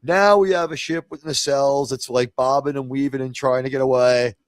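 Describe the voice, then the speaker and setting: A man's voice: mid-range voice, fairly even intonation, moderate pace, no echo. Man, livestream host, rambling casual chat, dry close sound. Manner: rambling, many fillers and restarts. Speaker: podcast host.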